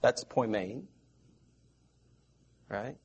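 A man's voice: fairly low pitch, slightly rough, highs cut off. A middle-aged man from the American South, preaching a sermon and asking his listeners questions. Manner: slow, repetitive, asks the audience questions.

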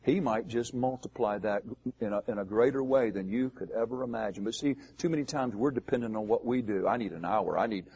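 A man pastor preaching a sermon, asking the congregation rhetorical questions and pausing for emphasis. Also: medium pitch, dark tone, slightly rough, highs cut off.

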